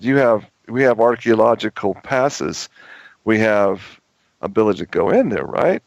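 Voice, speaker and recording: A man's voice: mid-range voice, lively intonation, moderate pace, vocal fry, dry recording. A man hosting a talk show, telling a long story in a rambling way with many restarts and repeated words. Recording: dull lo-fi audio.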